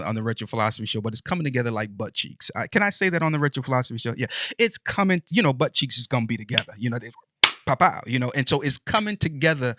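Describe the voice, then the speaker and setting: A man's voice: mid-range voice, fairly bright tone, dry recording, studio quality. A man hosting his own show, giving a folksy, preachy motivational talk with playful asides. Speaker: show host. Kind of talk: motivational monologue.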